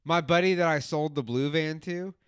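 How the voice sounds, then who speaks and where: This man co-hosts a casual podcast from a home studio, telling loose, profane stories and acting out quotes in an animated way. His smooth voice is a little high and at normal speed, recorded with no echo in studio quality.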